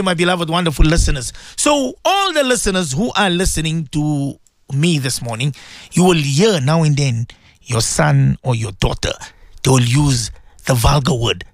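A man preaches on a morning radio show, pressing his listeners with repeated questions. His voice leaps and falls in lively swings, sitting a little above the usual male pitch. The sound is close and dry, with no room around it. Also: moderate pace, dry recording. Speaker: radio presenter giving Islamic teaching.

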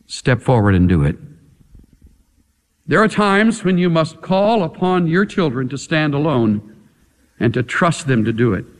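A man's voice: fairly high pitch, big pitch swings, unhurried, long pauses, in a large hall. A man preaching a sermon in a dramatic, emphatic way, pressing his point with rhetorical questions.

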